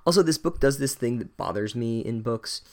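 A man's voice: medium pitch, animated, a little fast, a little mellow. A man giving a sarcastic, exasperated and profane comedic book recap. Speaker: book reviewer.

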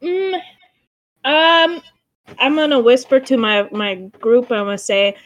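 Higher voiced lady playing d&d, chatty, lots of ums. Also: takes it slowly. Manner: chatty, hesitant with fillers. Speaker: tabletop game player. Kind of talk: casual play chat.

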